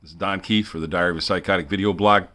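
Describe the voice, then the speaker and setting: Deep-voiced guy rambling on his vlog, repeats himself a lot, keeps chuckling. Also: fairly even intonation, very fast, bright, forceful tone. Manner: rambling, repetitive, chuckling asides. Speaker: video blogger.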